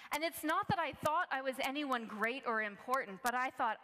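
A woman delivers a sermon in an earnest, conversational manner, often restarting her sentences as she tells a personal story. Her voice sits a little high and sounds bright and forceful. It echoes with the long reverb of a large church hall. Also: normal speed, few pauses. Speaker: preacher.

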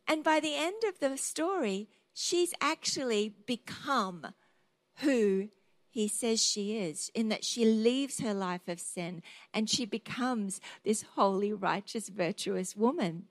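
A woman's voice: a little high, expressive, slow, no room sound. A woman preacher delivering a sermon, passionate and declarative as she urges her listeners to act.

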